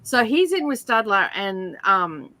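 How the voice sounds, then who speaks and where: A middle-aged Australian woman hosting a reading stream, telling animated stories in casual chat and often breaking into laughter. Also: mid-range voice, a little slow, dry recording.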